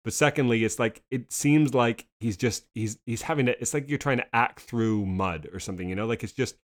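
Fast-talking man in casual chat. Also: mid-range voice. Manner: fast, rambling, many restarts. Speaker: podcast co-host. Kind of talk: casual TV discussion.

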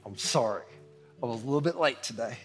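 A man's voice: mid-range voice, lively intonation, fast talker. A man preaching a sermon as pastor, earnest and repetitive, his delivery swelling in intensity. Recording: long hall reverb with faint guitar music.

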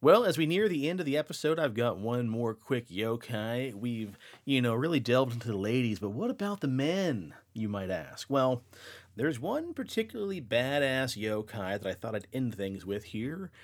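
A man with a mid-range voice and moderate pace hosts a podcast, telling spooky folk tales casually. His delivery is lively and swinging in an average register, and he playfully teases his co-host.

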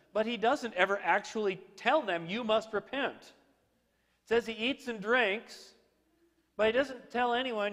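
Male pastor, high voice, playful self-mocking storyteller, preaching in a reverberant sanctuary. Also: a bit bright. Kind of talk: sermon. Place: church sanctuary. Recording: long hall reverb.

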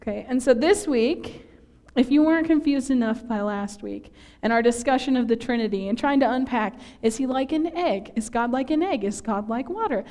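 A woman's voice: sits high, moderate pace, a little mellow. A woman from northern Minnesota preaching a sermon in a church, chatty and self-deprecating, laughing often at herself.

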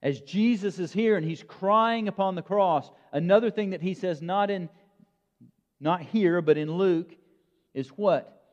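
A man delivers a sermon slowly and deliberately, leaning on dramatic pauses for emphasis. His voice sits a little high for a man. The sound is muffled and lo-fi, with a long reverb tail as if he is in a church sanctuary. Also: a little mellow. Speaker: preacher.

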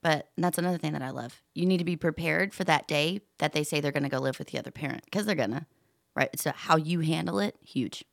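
Woman cohost, deep gravelly voice, dry close sound, blunt and frank. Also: quick pace, no echo. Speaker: podcast co-host. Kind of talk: casual chat.

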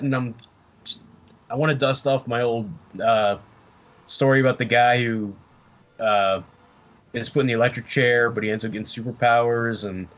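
A man talking casually as a podcast guest, rambling and halting with many fillers. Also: mid-range voice, a bit bright, muffled recording. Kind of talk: casual chat.

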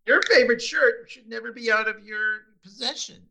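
A man's voice: very high-pitched, normal speed, sharp tone. A man co-hosting a casual chat, recapping a TV episode, laughing often and restarting his sentences. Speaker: podcast co-host.

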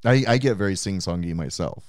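A man with a fairly low voice that swings widely in pitch, telling stories as a podcast co-host and laughing often. The sound is dry and close. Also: fairly quick, clear, resonant tone, no room sound. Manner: laughs often, lively storytelling. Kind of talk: casual chat.

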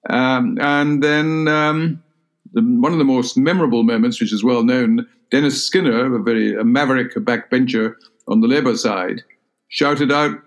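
Older Scottish man, measured and halting. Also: medium pitch. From Scotland. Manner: measured, halting, many "uh" fillers and restarts. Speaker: interviewee, former cabinet minister. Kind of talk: reflective recollection in a sit-down interview.

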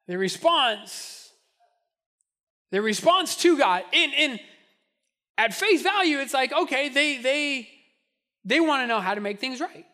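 A man's voice: extremely high pitch, expressive, unhurried, pauses often, bright, forceful tone. A man preaching a sermon as pastor, impassioned and repetitive, building in intensity as he goes.

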